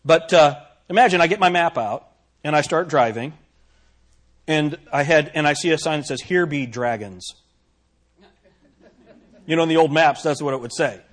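A man's voice: on the high side, normal speed, long pauses. A man preaching a sermon to his congregation, asking rhetorical questions and stressing his points. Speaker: pastor.

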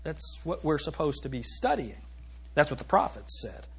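This pastor's husky voice runs high for a man as he preaches in the sanctuary, sing-song, alternating loud appeals with soft asides. When scripture comes up in the sermon, his delivery becomes slow, weighty and emphatic.

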